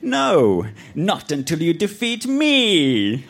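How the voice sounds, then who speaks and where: Guy putting on a high, slow undead skeleton king voice, menacing, dragging every word. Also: huge pitch swings, creaky, full character voice. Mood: taunting. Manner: slow, drawn-out villain taunts. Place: live festival stage before an audience.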